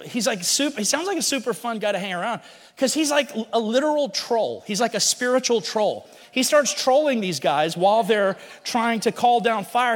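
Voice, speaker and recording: A man preaching a sermon in a casual, animated storytelling way, full of slang and humor. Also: high-pitched. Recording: long hall reverb.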